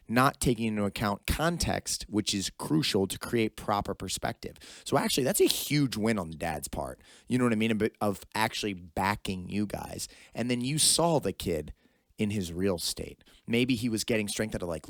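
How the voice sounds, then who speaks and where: A man's voice: fairly low pitch, lively intonation, a little fast, creaky, no room sound, clean studio sound. A man hosting a podcast, giving emphatic, opinionated commentary in casual talk. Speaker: podcast host. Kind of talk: casual conversation.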